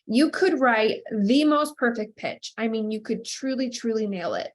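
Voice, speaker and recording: A woman in her thirties hosting a podcast, sounding nasal and stuffed up from a cold, giving upbeat coaching tips. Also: fairly high pitch. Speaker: podcast host. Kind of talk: scripted intro, then casual solo talk.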